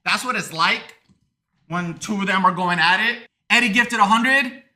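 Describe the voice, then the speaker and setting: A man's voice: high voice, normal speed, pushed and bright. A man livestreaming in casual talk, swearing often and ranting, moving between jokes and earnest thanks to supporters.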